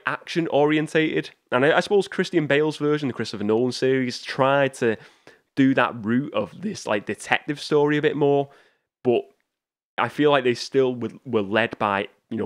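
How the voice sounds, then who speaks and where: A man hosting a podcast, chatting about a film with eager, loose energy and frequent restarts. His voice sits in an ordinary male middle range. The sound is dry and close, with no room echo. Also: mid-range voice. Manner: chatty, enthusiastic, many restarts and fillers. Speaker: podcast host. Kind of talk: casual film review talk.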